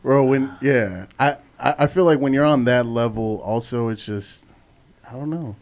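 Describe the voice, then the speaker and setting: A man's voice: medium pitch, normal speed. Man, podcast co-host, casual chat, profane, laughs easily. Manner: loose, profane, laughs a lot.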